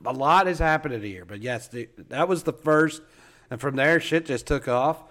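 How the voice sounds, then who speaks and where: A man's voice: on the high side, moderate pace. A man co-hosting a podcast, swearing freely and laughing through casual banter. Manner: loud, profane, laughing banter. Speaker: podcast co-host. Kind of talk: casual chat.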